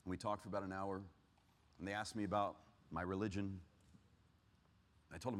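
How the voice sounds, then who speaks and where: Low-voiced man giving an earnest testimony. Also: little pitch movement. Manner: earnest, swings from loud urgency to hushed, heavy pauses. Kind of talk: personal testimony talk. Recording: long reverb of a large hall.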